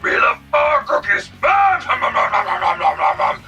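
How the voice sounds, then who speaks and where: A man voicing a greedy male monster obsessed with cookies, speaking in broken baby-talk with a gravelly growl. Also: high voice, huge pitch swings, moderate pace, pushed and bright, distant mic, muffled recording, soft background music, full character voice. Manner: broken baby-talk grammar, gobbling noises.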